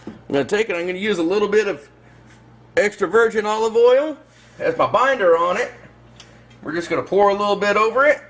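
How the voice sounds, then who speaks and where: A man hosting a cooking channel, talking viewers through a recipe step by step in a relaxed, folksy way. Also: sits high, a little fast, pauses often. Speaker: host of a barbecue cooking channel. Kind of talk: casual cooking demonstration.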